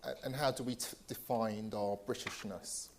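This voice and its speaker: A man from England speaking on a panel at a live event, into a microphone, deliberate and emphatic, posing rhetorical questions. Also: fairly low pitch, steady tone, a little hiss or hum. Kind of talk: panel discussion speech. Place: event hall with audience. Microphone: handheld microphone.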